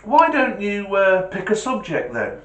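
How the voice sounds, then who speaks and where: A man voicing a cheeky, quick-witted little boy who delivers crude punchlines. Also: huge pitch swings, a bit bright, exaggerated voice. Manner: high-pitched, cheeky, emphatic punchlines. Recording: echoey room.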